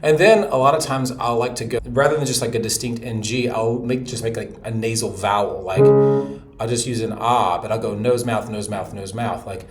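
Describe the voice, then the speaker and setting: A man's voice: medium pitch, moderate pace, over music. Middle-aged guy voice teacher, easygoing, sings little demo bits, roomy echo. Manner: relaxed and chatty, breaks into short sung vocal demos. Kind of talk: casual lesson with sung demonstrations. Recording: echoey room with faint noise.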